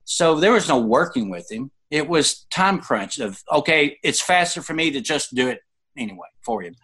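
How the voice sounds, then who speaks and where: A man's voice: a little high, animated, moderate pace, a bit bright, slightly rough. A man around sixty, an interview guest, telling personal stories conversationally and acting out quoted people with sudden jumps in his voice.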